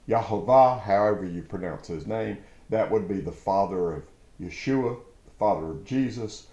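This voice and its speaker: Slow, deep-voiced man teaching scripture. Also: dark tone, echoey room. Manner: slow, reflective, with emphatic outbursts. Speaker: preacher. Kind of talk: devotional Bible teaching.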